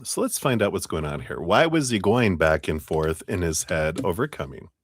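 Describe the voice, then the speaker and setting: A man's voice: sits low, animated, normal speed, a little hiss or hum. A man hosting a live tarot reading stream, bubbly and giggly, breaking into sing-song sounds. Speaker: tarot reader.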